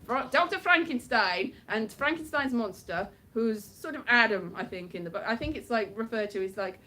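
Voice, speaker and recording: Woman rambling on a livestream, high voice that bounces around a lot, laughs a bunch. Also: lively intonation, moderate pace, sharp tone. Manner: rambling, chatty, laughs often. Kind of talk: casual chat to viewers.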